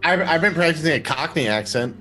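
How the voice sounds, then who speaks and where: A man from Minnesota with a fairly high voice, rambling playfully and tripping over his own jokes. He chats casually as a player at a game table. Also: lively intonation, a little fast, over music. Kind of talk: casual chat.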